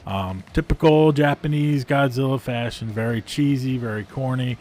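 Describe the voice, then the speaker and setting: A man's voice: mid-range voice, normal speed, a little mellow, a little hiss or hum. A man giving a casual, rambling review of video clips, amused and full of fillers. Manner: amused, rambling, frequent ums and uhs.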